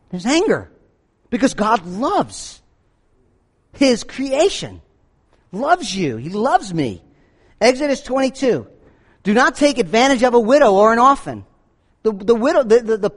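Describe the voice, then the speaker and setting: Animated high-voiced preacher. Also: male voice. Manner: animated, swings between booming and low asides. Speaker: pastor. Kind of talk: sermon.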